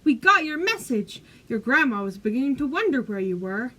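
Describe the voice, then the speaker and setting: A woman voicing a fierce, boisterous pirate captain mother who speaks loud and hearty in a storybook reading. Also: high voice, big pitch swings, moderate pace, heavily acted. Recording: roomy echo.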